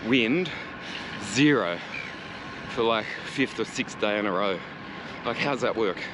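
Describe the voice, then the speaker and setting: A man's voice: on the low side, lively intonation, slow. Sweary Australian man ranting on a bike ride. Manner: sweary, sarcastic, chatty. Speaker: cycling vlogger. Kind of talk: casual ranting commentary while riding. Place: outdoors on a city street, riding a bike. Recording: street and traffic noise behind.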